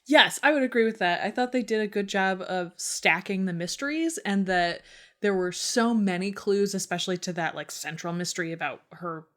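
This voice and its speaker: A woman's voice: mid-range voice, normal speed, fairly bright tone. A young woman co-hosting a podcast, chatting casually about books, with frequent laughter, lots of "like" and some swearing. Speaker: podcast co-host. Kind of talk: casual book chat.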